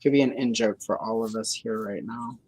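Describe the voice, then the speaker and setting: A woman's voice: extremely low pitch, steady tone, normal speed, darkish tone, slightly rough, no room sound, rough recording. Dry-sounding woman chatting on a livestream. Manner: rambling, hedging, full of fillers and self-corrections; dry sarcasm. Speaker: livestream host. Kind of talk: casual livestream chat.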